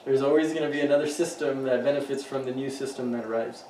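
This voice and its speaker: A man's voice: medium pitch, steady tone, quick pace, darkish tone. A man, casually chatting and swearing freely as a podcast co-host. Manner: loose, profane storytelling. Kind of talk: casual chat. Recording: roomy room, distant mic, faint hum.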